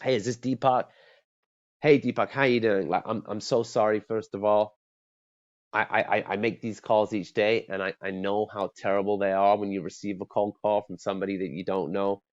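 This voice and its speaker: A man's voice: on the low side, little pitch movement, moderate pace, lightly acted. A man voicing an apologetic, self-deprecating American male cold caller who rambles through his opener in a sales role-play. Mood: sheepish. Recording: dull lo-fi sound.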